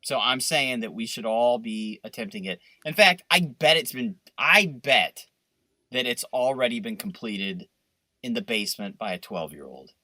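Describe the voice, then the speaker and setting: Bright-voiced guy ranting and cussing on a podcast, dry close sound. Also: medium pitch, moderate pace, no echo. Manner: riffing, profane, animated rants. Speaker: podcast co-host. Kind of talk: casual podcast banter.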